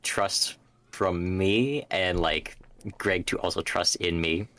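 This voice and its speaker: Halting young man with a deep voice. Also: a bit bright. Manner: hesitant, filler-heavy, halting. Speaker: podcast co-host. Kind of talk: casual chat about tabletop gaming.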